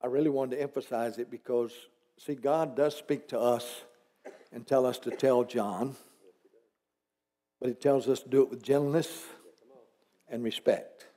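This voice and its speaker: A man's voice: medium pitch, steady tone, unhurried, long pauses, dark tone. A man pastor preaching a conversational sermon in church, asking the congregation rhetorical questions and dropping teasing asides.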